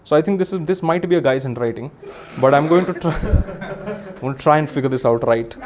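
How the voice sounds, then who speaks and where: A young man with an Indian English accent runs a comedy magic act on a live stage. He speaks in a high register, teasing the audience and issuing mock-grand commands. A faint background hum sits under his voice. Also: lively intonation, fairly quick, a little mellow. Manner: playful, teasing, theatrical commands.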